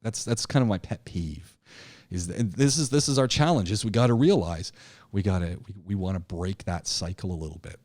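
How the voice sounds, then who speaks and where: A man teaching an online public speaking class, talking in an animated, emphatic way, often repeating himself and restarting his sentences. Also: low voice, a little fast, dry recording. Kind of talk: live online class lecture.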